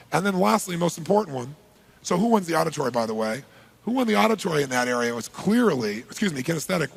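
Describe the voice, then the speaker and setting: A man giving a live seminar talk to a large audience, energetic and punchy, polling the crowd with quick questions. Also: on the high side. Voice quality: gravelly, husky. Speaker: seminar speaker.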